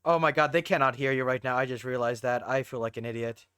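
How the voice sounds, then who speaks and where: A man chats casually as host of a live stream, rambling a little and poking fun at himself. His voice is smooth and clear. It sits dry and close on the mic. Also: mid-range voice, quick pace, a bit bright, no echo. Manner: easygoing, rambling, self-deprecating. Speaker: streamer hosting a group playthrough.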